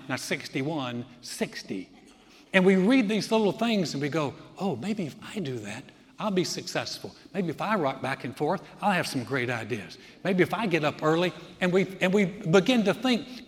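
A man preaching a sermon as pastor of a church, lively and acting out what people say. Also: high-pitched. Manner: animated, acts out people's remarks. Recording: long reverb of a church hall.

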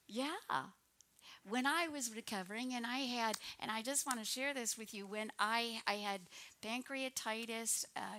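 A woman in her sixties giving an earnest personal testimony as a minister, often dropping into a soft, breathy near-whisper. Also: a little high.

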